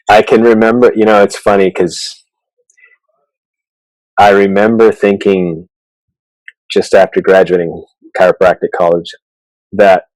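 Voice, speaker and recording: A man, a chiropractor, telling stories in a casual interview, halting with many restarts and fillers. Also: on the low side, fairly even intonation, darkish tone, dry recording, poor audio. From Canada. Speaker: chiropractor guest.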